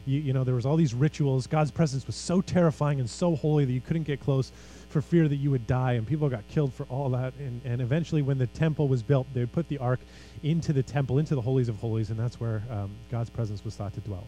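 A man's voice: mid-range voice, fast, hardly any pauses, mellow, soft background music, low-quality recording. A man preaching a sermon as pastor, earnest and emphatic, with casual conversational asides.

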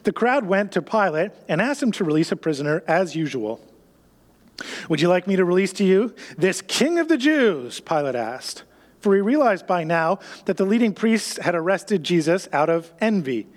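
Male pastor, high voice, animated sermon delivery, long reverb of a hall. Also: moderate pace. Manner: animated, acts out scenes in a raised voice.

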